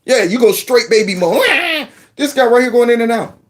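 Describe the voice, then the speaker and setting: A man hosting a video commentary, reacting to clips in an animated, sarcastic, conversational way. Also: very high-pitched, moderate pace. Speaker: host.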